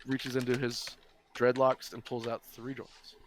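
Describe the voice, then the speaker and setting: Brief: young male game master, mid pitch, loose chatty narration with fillers. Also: little pitch movement, a little slow. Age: young adult. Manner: casual, rambling with fillers.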